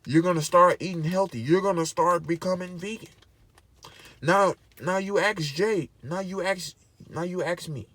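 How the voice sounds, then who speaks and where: A man's voice: high-pitched, moderate pace, a bit bright, no echo. A man vlogging in casual to-camera commentary, emphatic and preachy, repeating his points over and over.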